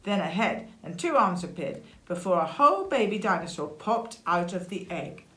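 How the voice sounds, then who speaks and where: A woman reading a children's picture book aloud, lively, with chatty asides. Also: fairly low pitch, moderate pace. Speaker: storyteller. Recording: echoey room.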